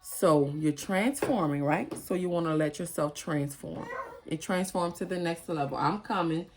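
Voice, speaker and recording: A woman with a somewhat low voice gives a casual, heartfelt talk straight to her viewers. She is earnest and emotional, and she rambles and restarts her sentences as she goes. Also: normal speed, noisy background. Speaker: spiritual vlogger. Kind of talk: casual motivational monologue.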